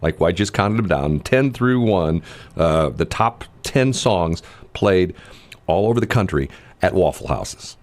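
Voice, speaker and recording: A man with a very low voice co-hosts a morning radio show from the studio. He chats casually and rambles, full of "uh" and "you know", often restarting his sentences mid-thought. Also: expressive, unhurried. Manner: rambling, many fillers and restarts. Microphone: studio microphone.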